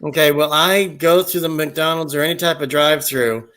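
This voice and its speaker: A man in casual conversation tells rambling, crude, joking stories. His voice sits a little high for a man, and he drops into impressions now and then. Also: steady tone, moderate pace, pushed and bright. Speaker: storyteller.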